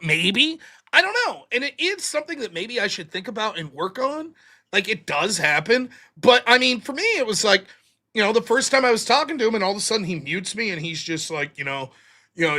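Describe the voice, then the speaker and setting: A man's voice: high-pitched, very animated, fairly quick, bright, forceful tone. A man hosting a live-streamed talk show in casual, profane chat, often mimicking other people in mocking voices. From United States. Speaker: show host. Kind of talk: casual livestream debate chat.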